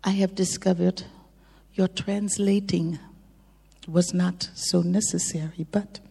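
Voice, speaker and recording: A woman bandleader chatting with the audience between songs, drifting into soft near-whispered asides. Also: lowish voice, fairly even intonation, takes it slowly, creaky, husky. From lived in France twenty-four years. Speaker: bandleader on stage. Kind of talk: stage banter between songs. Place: large concert hall with an audience. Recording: reverberant hall with a faint crowd.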